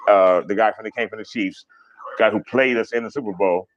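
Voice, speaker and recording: A man hosting a casual livestream, chatting fast and rambling, swearing freely as he reads viewer comments. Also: on the low side, no room sound, lo-fi sound. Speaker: livestream host.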